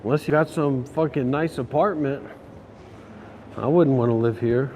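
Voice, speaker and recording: A man's voice: mid-range voice, normal speed, warm tone, slight background noise. A man vlogging while he walks through city streets and a station, ranting in a profane, sarcastic, grumbling way. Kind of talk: casual rant while walking.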